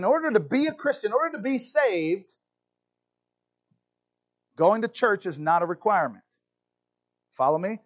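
A man with a Southern country accent, preaching a sermon to his congregation, talking to them directly with animated asides. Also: high-pitched, muffled recording. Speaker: pastor.

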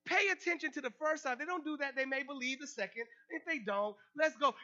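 A male preacher giving an animated sermon, calling out questions to the congregation and making playful asides. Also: extremely high pitch, fairly quick, few pauses. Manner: animated, call-and-response, joking asides. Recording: slightly muffled recording.

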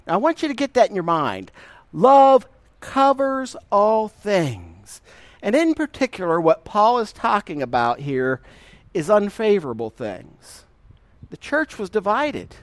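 A man's voice: sits high, very animated, dry recording. A middle-aged man preaching a sermon, telling folksy stories with a laugh and stretching out key lines. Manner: folksy storytelling with laughter and emphatic drawn-out verses. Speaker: pastor.

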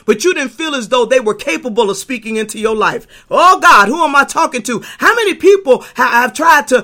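Passionate woman preacher with a bright tone, hushed to shouting. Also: sits high. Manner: impassioned, swings from hushed to shouting; repeats words and stumbles on fillers. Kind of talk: sermon.

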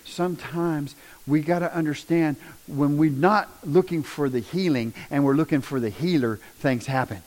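A middle-aged man, telling a personal testimony in a folksy, animated storytelling way. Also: fairly high pitch, normal speed, few pauses, poor audio. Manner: animated, down-home storyteller with rising bursts of emphasis. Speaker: speaker sharing a personal testimony.

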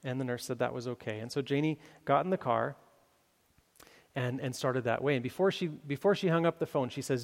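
Gravelly male pastor, halting storyteller with lots of restarts, preaching in a reverberant sanctuary. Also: mid-range voice. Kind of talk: sermon with story illustration. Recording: long hall reverb.

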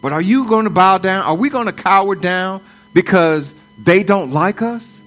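Male preacher in his forties, high-pitched, emphatic repetition, light music underneath. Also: expressive, normal speed, fairly bright tone. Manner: repeats lines for emphasis, rising to fervent proclaiming. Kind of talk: sermon.

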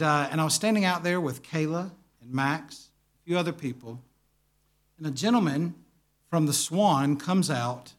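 Man preaching with a raised pitch. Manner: vivid storyteller, acting out dialogue; quiet, earnest. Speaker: pastor. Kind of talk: sermon storytelling.

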